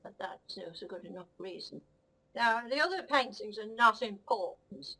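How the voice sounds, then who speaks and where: A woman's voice: mid-range voice, sharp tone, low-quality recording. A woman voicing a vain, cheeky female cat who rambles rudely and admires herself. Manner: rambling, rude, self-admiring, giggly. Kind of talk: comic puppet-style monologue.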